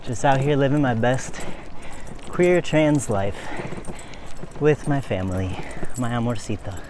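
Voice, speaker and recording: A man's voice: mid-range voice, unhurried, background noise. Breathless man vlogging on a bike. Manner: chatty and breathless, laughing often. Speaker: cycling vlogger. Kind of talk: casual vlog while riding. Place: outdoors, riding a bike uphill. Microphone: phone camera held while cycling.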